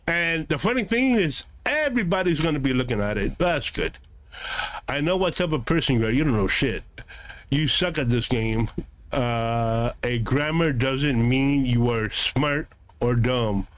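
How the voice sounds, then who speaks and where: A man's voice: medium pitch, expressive, a little slow. A man streaming a game, answering his live chat in a combative, sarcastic, lecturing way.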